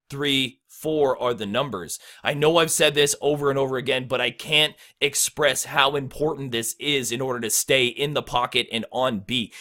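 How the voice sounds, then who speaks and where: Young dude hyped about rap flow, bright voice, casual teaching vibe, counts the beat out loud. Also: male voice, medium pitch. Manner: energetic, enthusiastic, counts out beats rhythmically. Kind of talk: casual instructional talk.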